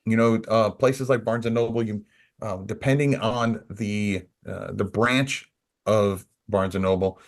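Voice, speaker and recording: Brief: male podcast co-host, lowish voice, loose rambling delivery. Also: steady tone, measured pace. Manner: rambling, many restarts and "you know". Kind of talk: casual podcast chat.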